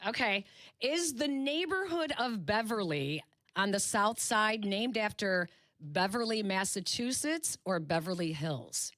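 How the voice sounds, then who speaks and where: A woman radio host from Chicago quizzes her guest in a brisk, teasing way. Her pitch sits in the middle of the range. The studio sound is dry and close. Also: lively intonation, fairly bright tone, no room sound. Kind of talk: playful on-air quiz. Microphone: studio microphone.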